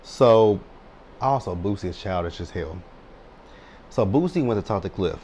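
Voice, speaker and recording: A man's voice: low voice, animated, moderate pace, a little mellow, a little hiss or hum. A man in his thirties giving a blunt, sassy, chatty recap of a reality show. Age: 30s. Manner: sassy, blunt, chatty with frequent "child" and "right?". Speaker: TV recap host.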